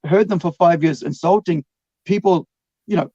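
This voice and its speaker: A man's voice: on the high side, moderate pace, dark tone, no room sound, lo-fi sound. A man hosting a podcast in casual chat, rambling with many restarts and fillers. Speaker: podcast host.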